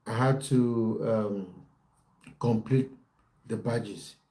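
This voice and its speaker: Mellow-voiced young man chatting on a livestream. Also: lowish voice, fairly even intonation, very slow. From based in the United Kingdom. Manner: chatty, reads out chat comments, restarts often. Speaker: football coach and livestream host. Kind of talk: casual livestream chat with viewers.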